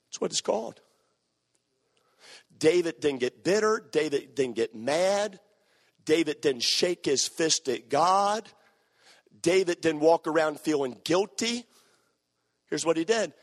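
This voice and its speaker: A man's voice: a little high, lively intonation, a little slow, pauses often, long reverb tail. A man preaching a sermon, emphatic and repeating his key phrases.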